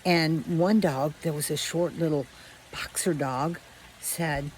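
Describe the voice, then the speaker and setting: A woman telling a children's story aloud in a relaxed, conversational way with frequent restarts. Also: deep voice, slow, slight background noise, low-quality recording. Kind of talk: casual oral storytelling.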